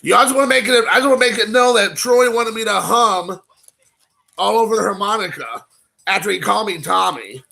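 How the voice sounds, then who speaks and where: Excitable guy opening card packs, high voice, gravelly, rambly and jokey. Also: a little fast. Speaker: card collecting vlogger. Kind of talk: casual unboxing chat.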